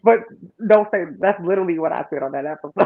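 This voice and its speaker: A man co-hosting a casual chat, talking in an animated, insistent way. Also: sits high, fast talker. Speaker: podcast co-host. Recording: dull lo-fi sound.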